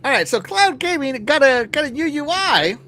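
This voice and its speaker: A man's voice: extremely high pitch, big pitch swings, normal speed, very noisy. A man hosting a casual live-stream show, talking to his chat with lots of fillers and restarts. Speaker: podcast host.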